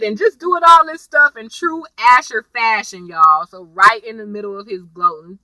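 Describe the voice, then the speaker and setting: A woman's voice: fairly high pitch, moderate pace, few pauses, pushed and bright, no room sound, recorded from a distance, rough recording. A young woman chatting casually as she recaps a TV episode, slangy and storytelling. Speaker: TV episode reviewer.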